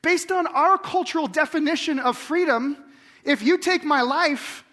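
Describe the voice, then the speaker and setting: Guy preaching in church, kinda high voice, chatty, asks the crowd lots of questions, goes quiet then loud. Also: a little slow. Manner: conversational preaching, rhetorical questions, dramatic swings in loudness. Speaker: pastor. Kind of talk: sermon.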